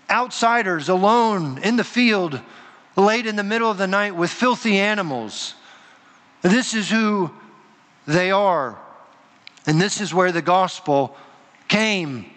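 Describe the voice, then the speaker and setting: High-voiced preaching man in a reverberant hall. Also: a bit bright. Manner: earnest preaching with dramatic pauses and quoted voices. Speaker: pastor. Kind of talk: sermon. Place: church sanctuary. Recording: long reverb of a large hall.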